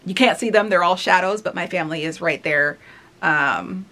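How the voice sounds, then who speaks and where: A woman's voice: lowish voice, moderate pace, bright, forceful tone. A woman of thirty talking candidly and casually as she reacts to her own old video, rambling with many fillers. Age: 30s. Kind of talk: casual reflective commentary.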